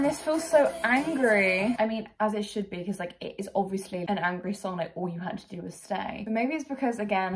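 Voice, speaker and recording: A young woman chats excitedly while reacting to an album, gushing and laughing between her comments. Her voice sits at a middle pitch, and music plays faintly underneath. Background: music playing faintly.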